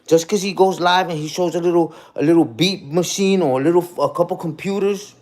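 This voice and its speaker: A man's voice: on the high side, fairly quick, a little mellow. A man ranting casually to his live chat in streetwise slang, dropping "you heard?" after his points and repeating himself. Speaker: livestream host.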